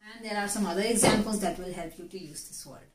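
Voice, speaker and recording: Woman teaching English words, roomy echo. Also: medium pitch. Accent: Indian English. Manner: explains slowly, repeating key words. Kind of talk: vocabulary lesson. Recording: echoey room.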